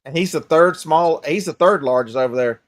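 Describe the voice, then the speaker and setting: A man's voice: on the high side, brisk, no room sound. A man with a Southern American accent, chatting casually and emphatically on a live stream, often repeating himself for emphasis.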